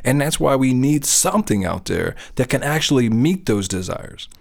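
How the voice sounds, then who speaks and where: A man's voice: mid-range voice, lively intonation, normal speed, gravelly. Earnest middle-aged man talking faith. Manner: earnest, conversational, often asks "you know what I'm saying?". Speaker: speaker on faith. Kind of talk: casual faith talk.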